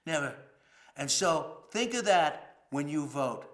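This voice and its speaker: A man puts on a preachy political ad narrator. His earnest delivery rises and falls in a lively way. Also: a little high, takes it slowly.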